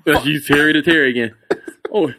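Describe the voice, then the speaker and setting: A man's voice: a little high, very animated, fast, bright, forceful tone. A man in casual podcast chat, teasing and playful, laughing often. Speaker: podcast guest, comedian.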